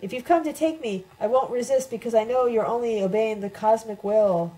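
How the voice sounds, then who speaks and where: Woman reading as a dreamy hermit guy, filthy and detached, vague floaty talk, mellow voice. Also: on the high side, brisk, lightly acted, rough recording. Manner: vague, otherworldly musing. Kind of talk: audiobook character reading.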